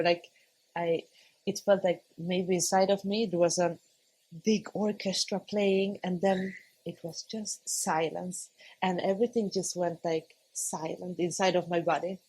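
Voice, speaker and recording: A woman's voice: fairly low pitch, breathy edge, rough recording. A woman in her thirties, a podcast guest, telling a personal story in a conversational way, often laughing and acting out her own past words. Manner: laughs often, animated quoting of herself.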